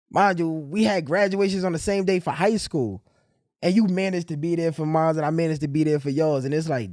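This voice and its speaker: A man hosting a podcast, telling stories in a loose, animated way. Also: a little high, normal speed, no echo, clean studio sound. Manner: storytelling, animated retelling. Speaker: podcast host. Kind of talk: casual podcast chat.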